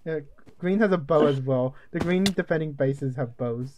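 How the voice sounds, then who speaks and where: A man playing a video game with friends, talking in an excitable, joking way and yelping when things go wrong. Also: fairly high pitch, normal speed, slight background noise. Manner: excitable, jokey, yelps when plans go wrong. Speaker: gamer. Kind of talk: casual gaming chat.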